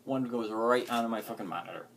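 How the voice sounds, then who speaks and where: A man's voice: medium pitch, fast talker, a bit bright, a little hiss or hum. A man vlogging, ranting agitatedly with heavy swearing and lots of filler words. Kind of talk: profane ranting vlog.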